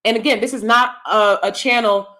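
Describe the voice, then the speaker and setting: A middle-aged woman running a YouTube commentary channel lectures bluntly in a casual monologue to camera, her voice steady, a little fast, bright, and forceful. She moves between low asides and emphatic bursts.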